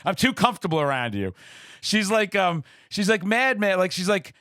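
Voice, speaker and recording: Male podcast host, animated storyteller, slightly high voice, dry sound. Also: moderate pace, no echo. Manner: excitable storyteller, acts out quotes in high voices. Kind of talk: casual interview chat.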